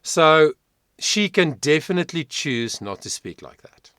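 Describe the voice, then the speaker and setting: A man's voice: a little high, sing-song, unhurried, pushed and bright, smooth, no echo, studio quality. A man working as a vocal coach, giving reflective, emphatic commentary in a reaction video.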